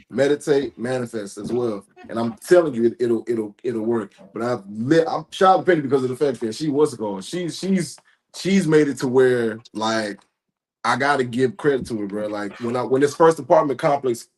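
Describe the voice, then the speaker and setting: A man's voice: medium pitch, normal speed, darkish tone. A man in his thirties hosting a podcast, talking in a laid-back, slangy, rambling way with many restarts. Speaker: podcast host. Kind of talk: casual chat.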